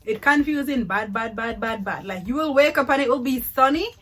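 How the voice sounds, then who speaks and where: A young Jamaican-accented woman vlogs casually, comparing countries. She's chatty, laughs a lot, repeats words for emphasis and drifts into patois, with a fairly high, expressive, brisk voice that's a little bright and breathy.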